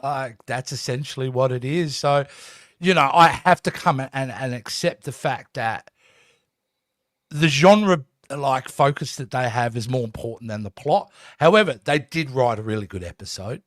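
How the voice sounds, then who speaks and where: A man's voice: mid-range voice, normal speed, dry recording, studio quality. A man co-hosting a casual podcast, teasing and wry as he gives his take. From Australia. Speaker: podcast co-host. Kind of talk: casual banter on a streamed podcast.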